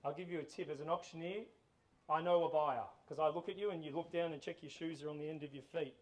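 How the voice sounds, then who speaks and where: A man's voice: on the high side, fairly even intonation, quick pace. A middle-aged Australian man calling a live house auction outdoors, mixing chatty stories with firm bid calls.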